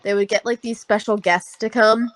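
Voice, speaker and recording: A woman's voice: medium pitch, steady tone, moderate pace, no room sound. A woman telling a school story in casual chat, peppered with "like", acting out other people's voices. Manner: chatty, lots of "like", mimics hype voices.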